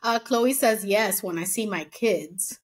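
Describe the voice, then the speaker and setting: A woman's voice: mid-range voice, measured pace, slightly rough. Chatty woman recapping a reality show. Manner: chatty, acts out quotes in animated voices. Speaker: podcast co-host. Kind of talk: casual recap chat.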